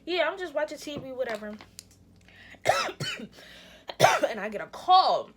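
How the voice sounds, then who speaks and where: Young female vlogger, casual storyteller with a bright, slangy, rambling delivery. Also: sits high, wildly swooping pitch, measured pace. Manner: rambling, slangy, lots of "like" and restarts. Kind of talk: casual storytime while getting ready.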